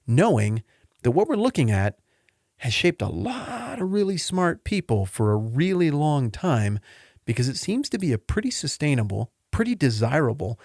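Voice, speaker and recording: At a moderate pace, a man hosts an informal Bible teaching podcast, recorded cleanly in a studio without echo. He comes across as earnest and emotionally open, rambling along in a chatty way with animated pitch.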